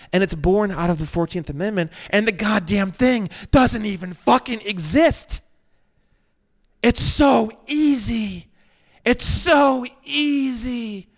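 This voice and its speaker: A man teaching an online course in a heated, profane lecture, ranting and swinging between low mutters and loud emphatic bursts.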